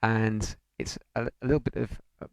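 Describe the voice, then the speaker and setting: Patient male piano tutor, gravelly edge, counts rhythms aloud. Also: fairly low pitch, steady tone, normal speed, no room sound. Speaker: piano teacher. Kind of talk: online music lesson.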